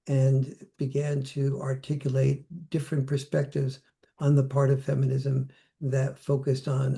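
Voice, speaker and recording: A man's voice: mid-range voice, monotone, a little slow, vocal fry, mellow. An older man speaking reflectively as a podcast guest, now and then acting out the voices he quotes. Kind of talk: conversational interview.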